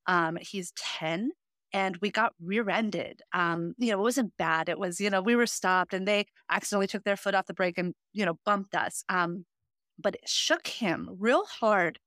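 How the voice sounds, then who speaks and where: Female podcast co-host, mid-pitched, earnest and chatty, lots of fillers, dry close recording. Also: normal speed, fairly bright tone, no room sound. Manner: earnest, many fillers like "you know" and "um". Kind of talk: casual chat.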